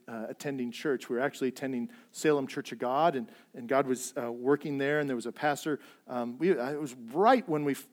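A middle-aged man delivers a sermon in a loose, conversational manner. His voice sits fairly high for a man. He punches key lines loudly, then falls to a soft hush when he quotes. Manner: conversational preaching that swings from loud emphasis to near-whispered quotes. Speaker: pastor.

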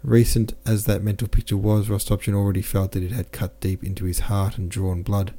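Low, mellow male narrator. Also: little pitch movement, brisk. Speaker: audiobook narrator. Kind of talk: scripted narration.

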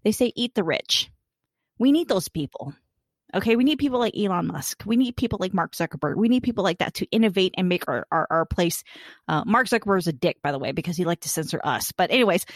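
A woman's voice: medium pitch, dry recording, studio quality. A woman hosting a podcast in casual chat, candid and emphatic. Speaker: podcast host. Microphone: studio mic.

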